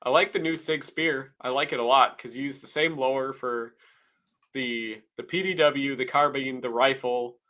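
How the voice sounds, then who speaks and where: Man, bright forceful voice, casual opinionated co-host chat. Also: medium pitch, steady tone, normal speed. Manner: brief reactions, opinionated gear talk.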